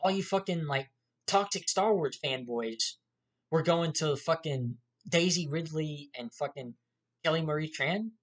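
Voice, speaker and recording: A man's voice: a little high, measured pace. Guy ranting mad at the camera, swears nonstop, keeps repeating himself. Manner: profane, heated, repetitive. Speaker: YouTuber. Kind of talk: angry rant to camera.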